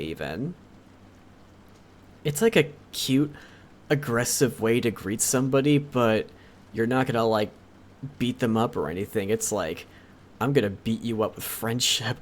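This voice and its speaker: Rambling young male streamer, lively pitch. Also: moderate pace. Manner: rambling, with frequent self-corrections. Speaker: livestreamer. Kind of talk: casual chat with stream viewers.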